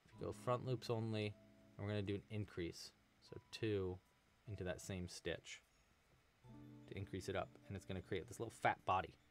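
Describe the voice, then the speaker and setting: A man's voice: on the low side, fairly even intonation, normal speed, faint music behind. A man hosting a live crochet tutorial stream, chatting casually, thanking donors and answering the chat. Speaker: crochet livestream host.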